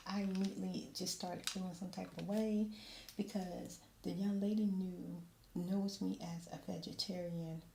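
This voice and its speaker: A middle-aged woman telling a story in a soft-spoken ASMR chat, slipping into whispers now and then. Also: fairly low pitch, creaky. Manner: animated storytelling, drops into whispers. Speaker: ASMR creator. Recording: roomy echo, faint ambient noise.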